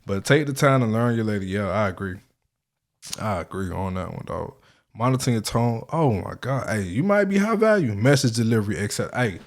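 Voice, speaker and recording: A man's voice: lowish voice, expressive, fairly quick. A man hosting a casual reaction video, talking in a loose, profane, slang-heavy way.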